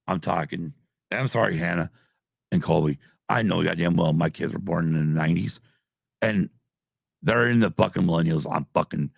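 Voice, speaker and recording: A man's voice: low voice, creaky, no echo, clean studio sound. A man in his fifties, a podcast host, ranting angrily with heavy swearing on a live stream. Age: 50s. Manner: angry, swearing, heated. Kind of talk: profane live-stream rant.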